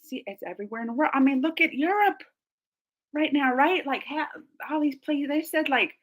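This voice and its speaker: A woman's voice: sits high, moderate pace. A young woman hosting a casual live stream, chatting and giggling as she reads out viewer comments. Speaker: reaction channel host.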